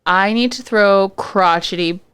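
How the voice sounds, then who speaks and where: A woman's voice: mid-range voice, a little slow, fairly bright tone, smooth. A young adult woman co-hosting a casual podcast, a hospital therapist telling blunt, profane stories about work. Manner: blunt, profane, chatty storytelling. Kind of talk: casual chat. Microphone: podcast studio mic.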